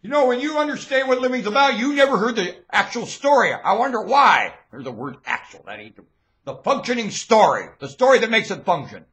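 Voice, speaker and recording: A man delivering a rambling, preachy monologue rant into a webcam, swinging from low muttering to loud shouting. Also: very animated, a little fast. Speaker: webcam vlogger.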